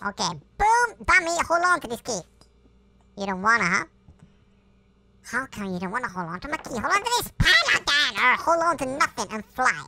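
A performer voicing a cartoon chipmunk character who gives playful, taunting gameplay commentary through a sped-up chipmunk pitch effect. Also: very animated, normal speed, creaky, noisy background, exaggerated voice. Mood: excitable. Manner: chatty, taunting, sing-song, silly exclamations. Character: hyper cartoon chipmunk gamer, squeaky and excitable. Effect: sped-up chipmunk pitch shift. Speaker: let's play host.

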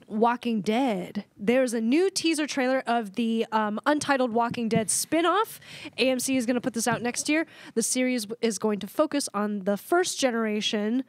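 A woman co-hosting a casual podcast, reading out a news item with halting fillers. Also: a little high, no echo. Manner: chatty, reads with halting fillers. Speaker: podcast co-host.

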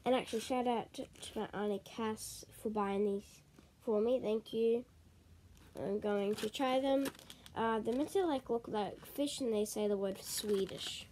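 A woman chatting excitedly in a casual snack taste-test vlog, full of ums and likes. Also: fairly high pitch, unhurried, slight background noise. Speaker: vlogger.

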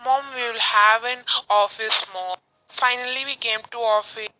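A woman's voice: on the high side, steady tone, moderate pace, sharp tone, poor audio. A woman who voices the office workers in a homemade cartoon, reading her lines plainly and simply. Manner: plain, simple line reading with short replies. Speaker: channel creator voicing the office workers.

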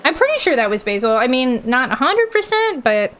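A woman hosting a let's play, thinking aloud in a chatty, unsure way and often yelling out in excitement. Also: high-pitched, brisk. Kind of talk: gaming commentary. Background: game music.

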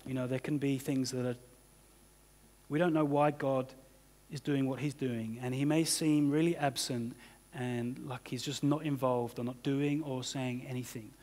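A pastor preaches in a church hall, using a mid-range, somewhat dark voice that holds a steady tone at normal speed. His delivery is loose and conversational, thick with "you know" and "kind of," and the hall's reverb is audible.

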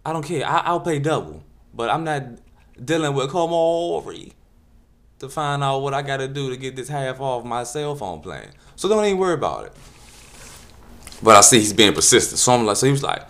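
Brief: man, comic storyteller, exasperated and slangy, lively swooping pitch. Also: moderate pace. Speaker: comedic storyteller. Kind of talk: casual comedic rant.

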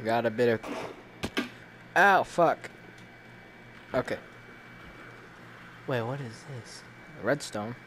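A man's voice: medium pitch, slow pace, long pauses, background noise. A man reacting while playing a VR game, jumpy and panicky and swearing constantly. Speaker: gamer.

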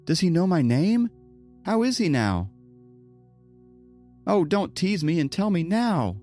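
A man voicing an anxious, excitable young woman. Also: moderate pace, faint music behind, lightly acted. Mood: anxious, excited. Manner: high-pitched, pleading, shouting.

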